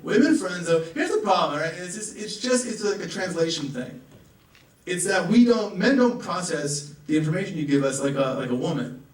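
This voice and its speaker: A young man from the American South does a stand-up set, rattling off quick asides and jumping into raised character voices. His voice sits a little high for a man, and the roomy club audio is picked up from a mic well away from him. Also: lively intonation, recorded from a distance. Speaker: stand-up comedian. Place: comedy club.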